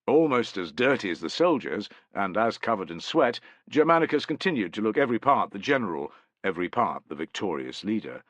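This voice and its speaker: Man, audiobook narration, low voice, very expressive, dry recording. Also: brisk, no room sound. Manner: expressive, dramatic reading.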